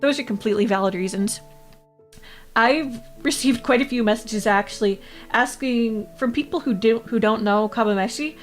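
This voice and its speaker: A woman's voice: a little high, normal speed. Woman vtuber just chatting, rambly, laughs a lot, faint music behind. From Canada. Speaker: VTuber streamer. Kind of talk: casual livestream chat, reading chat.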